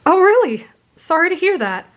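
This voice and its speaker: A woman's voice: on the high side, normal speed, muffled recording, pitched above the performer's own voice, natural voice. A woman voicing a shy, nervous teenage boy who stammers and apologizes, in a whispered role-play. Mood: flustered.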